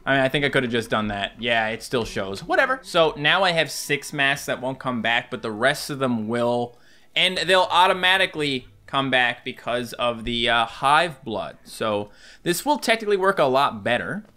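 A man in his thirties giving excitable, jokey let's-play commentary, talking to enemies and viewers. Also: mid-range voice, moderate pace. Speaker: gaming YouTuber.

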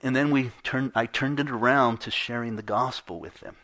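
A man's voice: medium pitch, steady tone, moderate pace, sharp tone. A middle-aged man preaching a sermon in a conversational way, acting out the voices he quotes. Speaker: pastor.

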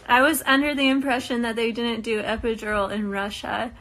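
A young woman from the US chats through a casual live question-and-answer session. She speaks unhurriedly in a slightly high voice. She reads each viewer question aloud before answering with easy, frequent laughter. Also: a bit bright. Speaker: reality show cast member answering viewer questions.

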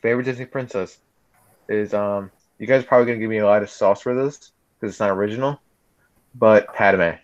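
Teen dude podcast cohost, chill and into it, kinda dull audio. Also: male voice, on the low side, a little fast. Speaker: podcast co-host. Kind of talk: casual chat.

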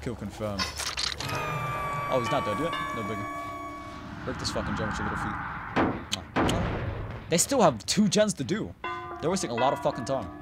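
A man giving live gameplay commentary, muttering under his breath and then yelling profane taunts at other players. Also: big pitch swings, normal speed, pauses often, over loud music. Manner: mutters low, then bursts into loud taunting yells; profane, trash-talking. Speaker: gaming YouTuber.

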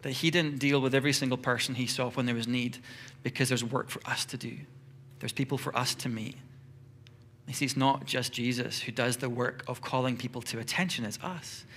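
A man's voice: medium pitch, a little hiss or hum. Man preaching with acted-out asides. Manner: lively, acts out little dialogues in quick voices. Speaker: pastor. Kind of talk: sermon. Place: church.

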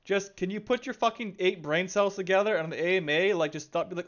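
A man's voice: high voice, brisk, hardly any pauses, highs cut off. A fed-up man swearing through a rant. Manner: exasperated, swears constantly, sighs heavily. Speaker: gaming video creator. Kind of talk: profane angry rant.

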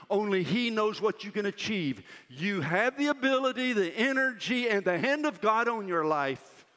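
Older man, chapel preacher, high bright voice, emphatic, long hall reverb. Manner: loud, emphatic preaching that drops to a soft, self-mocking aside. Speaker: university president speaking at chapel. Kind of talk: chapel sermon to students.

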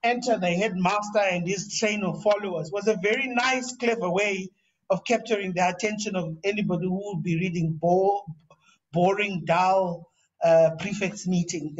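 A male professor gives a relaxed lecture on writing. His voice sits high, and he often repeats himself and restarts his phrases as he talks. The sound is dull and lo-fi, and he is set back from the mic. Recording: dull, distant lo-fi recording.

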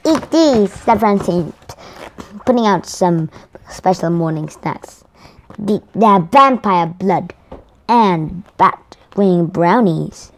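A woman's voice: lowish voice, takes it slowly. A woman whose first language is Korean, reading a picture book aloud with care and correcting herself as she goes. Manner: careful, with restarts and self-corrections. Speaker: storyteller.

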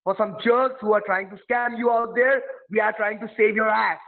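A man's voice: sits high, fairly even intonation, moderate pace, creaky. A man playing a support agent on a phone call, pushy and threatening, repeating his demands over and over. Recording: tinny phone line.

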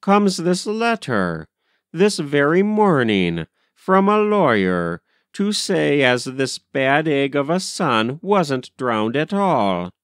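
A rough-spoken maidservant, quick to gossip and quick to flare up, as a male reader puts her on. The voice rides higher than a man's usual reading tone and swings up and down with feeling. Her country grammar slips through every line, in a dry, close recording. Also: big pitch swings, dry recording. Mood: gossipy. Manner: rustic servant's speech with broken grammar.

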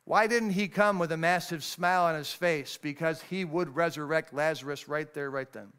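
High, clear-voiced male pastor preaching. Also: moderate pace, hardly any pauses. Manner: swings between raised, emphatic lines and hushed, low passages; reads scripture in old-fashioned wording. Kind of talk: sermon.

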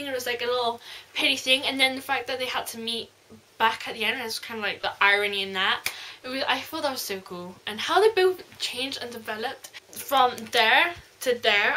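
High, bright-voiced excitable woman. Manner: gushing, rambling and excitable. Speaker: book reviewer. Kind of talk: casual book review vlog.

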